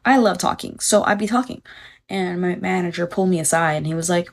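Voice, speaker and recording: A young woman with a slightly low voice chats on a phone livestream. She rambles off on tangents and swears without a second thought. She stops to read viewer comments aloud. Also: brisk. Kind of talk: casual livestream chat.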